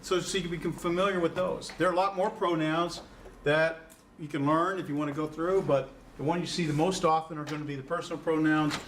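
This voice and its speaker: Lecturing his Greek students informally, a man leans on fillers and keeps asking them questions. His slightly high, fairly bright voice stays steady in tone and runs a little fast, captured by a far-off mic amid faint noise.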